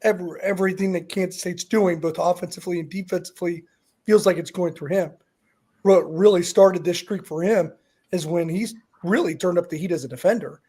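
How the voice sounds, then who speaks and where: A man co-hosting a sports talk show, his voice a touch higher than most men's. He breaks down the game thoughtfully, often restarting his sentences as he works out a point. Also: brisk, dark tone, husky. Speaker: sports podcast co-host. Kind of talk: casual sports analysis.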